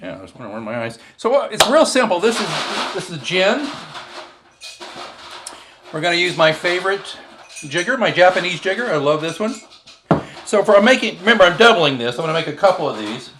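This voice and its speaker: A man's voice: high voice, sing-song, a little fast, noisy background. A man hosting a casual home cocktail show, chatting and joking as he mixes drinks at his bar. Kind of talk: casual chat while mixing drinks.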